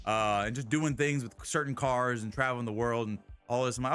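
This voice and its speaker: Animated rambling male streamer. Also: medium pitch, a little fast, soft background music. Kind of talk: casual storytelling.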